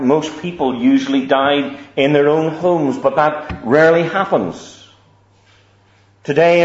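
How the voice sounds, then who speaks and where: Slow, deliberate preacher. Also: male voice, mid-range voice. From Northern Ireland. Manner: measured and deliberate, with frequent repeated words. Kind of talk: sermon. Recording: echoey room, slightly dull sound.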